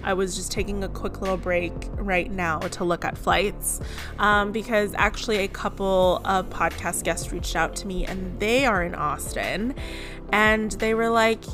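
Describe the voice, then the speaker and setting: Woman, podcast host, casual chat, giggly, lots of "um" and "like", soft music behind. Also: mid-range voice, steady tone, unhurried. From California. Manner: chatty and giggly, with many fillers.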